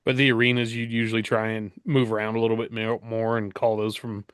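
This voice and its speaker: A man's voice: lowish voice, flat delivery, brisk, a bit bright, smooth, dry recording, studio quality. A male podcast host asking loose, rambling questions and laughing easily in casual conversation. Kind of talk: casual interview chat.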